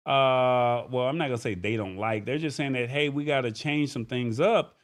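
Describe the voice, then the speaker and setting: A man's voice: medium pitch, lively intonation, normal speed, hardly any pauses. A man hosting a tech livestream, talking casually and thanking viewers by name. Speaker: tech show host.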